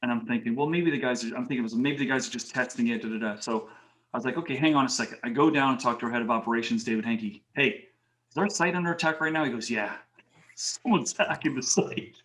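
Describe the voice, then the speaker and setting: A man as a podcast guest, telling lively anecdotes in casual talk and acting out the people in them. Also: medium pitch, fast. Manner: animated anecdotes with quoted voices. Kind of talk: casual storytelling interview.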